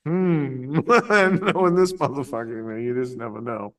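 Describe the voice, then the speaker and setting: A man's voice: medium pitch, moderate pace, recorded from a distance. A man, rambling through a story among friends, swearing and laughing often. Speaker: podcast host. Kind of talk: casual stoner chat with friends.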